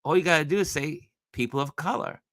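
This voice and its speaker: A man from New York hosting a casual talk show, telling a story in an animated way with many restarts. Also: fairly high pitch, fast talker, no room sound, clean studio sound. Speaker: host.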